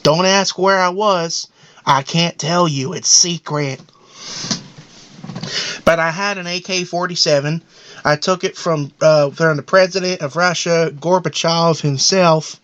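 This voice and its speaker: A man's voice: fairly high pitch, steady tone, measured pace, a bit bright, no echo. A man voicing a paranoid, boastful middle-aged cartoon dad in a rambling, self-important comedic monologue. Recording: dull lo-fi audio.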